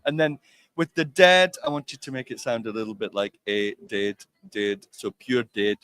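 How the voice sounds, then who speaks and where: A man's voice: mid-range voice, animated, normal speed, a bit bright, clear, resonant tone, dry recording. A man with a Glasgow Scottish accent patiently explaining and coaching in a casual interview. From Glasgow, Scotland. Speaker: conference guest discussing accents.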